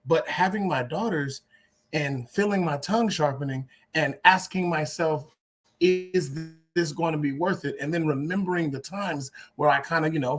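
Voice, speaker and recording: A man in his forties talking in a casual panel, emphatic, swinging between loud bursts and quiet asides. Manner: emphatic, swings from loud to low, restarts a lot. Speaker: podcast co-host.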